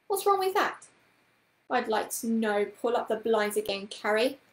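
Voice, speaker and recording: A woman voicing a prim, brisk middle-aged amateur witch who scolds in a crisp, bossy way, in a storybook reading. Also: on the high side, big pitch swings. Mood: pleased. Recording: roomy echoing room.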